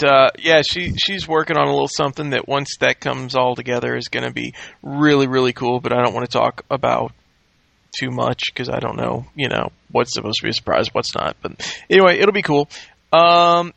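A tired man hosting a casual podcast chat, rambling and halting with restarts. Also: mid-range voice, creaky, fairly bright tone, dry recording. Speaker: podcast host.

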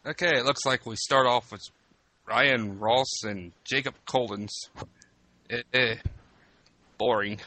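A man co-hosting a casual group chat, running through the match card with dry, deadpan quips. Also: medium pitch, takes it slowly, long pauses. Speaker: co-host reading the match card.

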